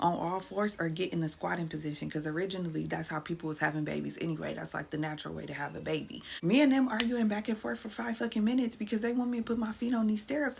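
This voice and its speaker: A young woman vlogger telling a story in a casual, animated, blunt way with plenty of swearing. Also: mid-range voice, slight background noise.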